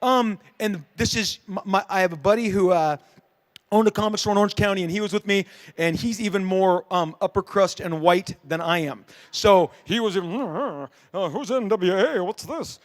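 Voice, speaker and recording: A middle-aged man talks to a convention crowd in a rambling, animated way. His voice sits high for a man. He trips over fillers and restarts and slips into voices for the people in his story. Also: fairly quick. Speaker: comic creator on a convention panel.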